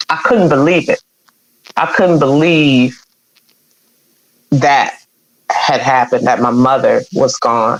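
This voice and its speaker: A woman guest on an interview show, telling a personal story in a candid, conversational way. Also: rumbling low. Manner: candid, conversational, with many quoted exchanges. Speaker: radio program director, podcast guest. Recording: dull, dry sound.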